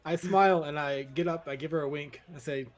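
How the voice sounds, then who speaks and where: A man's voice: fairly high pitch, normal speed, soft background music. A man playing in a tabletop game, playful and dry, often murmuring short agreements. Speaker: player. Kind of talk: casual tabletop play.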